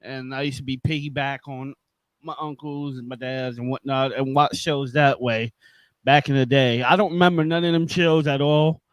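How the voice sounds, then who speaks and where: A man's voice: mid-range voice, steady tone, normal speed, smooth, dry recording, dull audio. A man guesting on a podcast as a veteran pro wrestler, talking in a laid-back, joking way. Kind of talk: casual interview chat.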